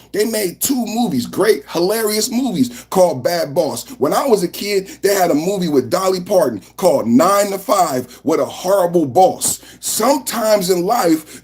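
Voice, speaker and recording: A podcast host runs a live political reaction stream, loud, fired up and preachy. His voice sits high for a man, and he drives his points home again and again.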